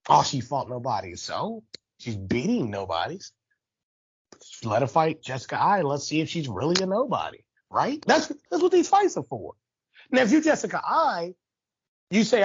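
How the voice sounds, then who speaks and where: A man co-hosting a sports podcast, ranting in an animated, heated, trash-talking way. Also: a little high, moderate pace, slightly rough, muffled recording. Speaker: podcast co-host. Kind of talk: casual ranting sports talk.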